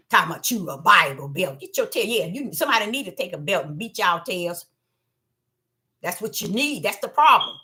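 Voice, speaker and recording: A woman preaching an animated sermon, who acts out voices and swings between low murmurs and loud cries. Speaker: self-styled prophetess. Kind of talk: preaching monologue.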